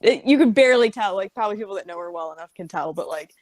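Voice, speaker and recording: A woman's voice: mid-range voice, lively intonation, racing, darkish tone, dry recording. A woman player in a tabletop role-play, rambling with lots of "like" fillers and turning firm when speaking in character.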